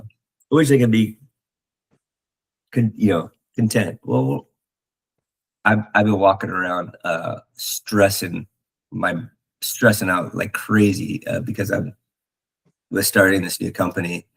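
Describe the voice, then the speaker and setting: A man with a low, gravelly voice and a husky edge talks through spiritual ideas. He is earnest and halting, stopping and restarting often with fillers. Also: fairly even intonation, rough recording. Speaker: podcast host. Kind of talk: reflective spiritual talk.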